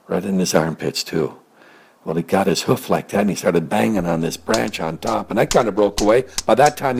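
A man telling an improvised story in a rambling, gentle way that sometimes drops to soft, near-whispered words. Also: fairly low pitch, a little hiss or hum.

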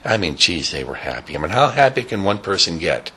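Animated low husky male storyteller. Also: a little fast. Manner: animated, with sound effects and rambling asides. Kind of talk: improvised oral storytelling.

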